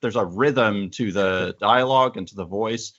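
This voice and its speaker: A male interviewer asking a writer thoughtful, measured questions about his work. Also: on the low side, fairly bright tone. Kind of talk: interview questions, reading a quoted passage. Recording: dull, muffled sound.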